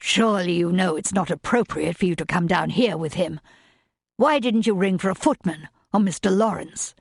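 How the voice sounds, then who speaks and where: A woman's voice: fairly low pitch, moderate pace, gravelly, husky, no echo, clean studio sound. A woman voicing a stern, indignant master of the house who questions sharply in an audiobook.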